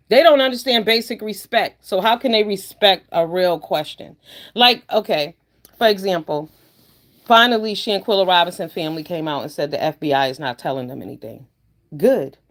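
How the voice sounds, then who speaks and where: A woman ranting to her viewers in a blunt, profane, heated way, swinging from low mutters to loud outbursts. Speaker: online commentator. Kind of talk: ranting commentary vlog.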